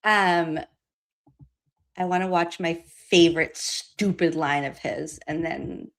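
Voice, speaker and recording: A woman's voice: on the low side, slow. A woman hosting a casual livestream, giving sarcastic running commentary with frequent laughs. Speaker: livestream host. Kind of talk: casual commentary on trial footage.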